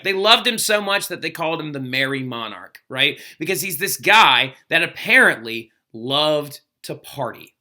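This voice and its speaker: A man teaching history in a casual video lecture, chatty and energetic. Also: fairly high pitch, normal speed, hardly any pauses. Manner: energetic, chatty, acts out quotes.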